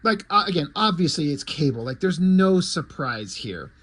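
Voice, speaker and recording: Sarcastic man, slightly high voice. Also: big pitch swings, normal speed, a bit bright. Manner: sarcastic, swears freely. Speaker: comic book reviewer. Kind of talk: casual chat.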